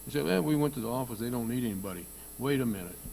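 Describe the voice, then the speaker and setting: A man's voice: medium pitch, lively intonation, very fast, gravelly, warm tone, in a large hall, slight background noise, rough recording. An older man, a former stuntman, reminiscing earnestly and plainly on a reunion panel.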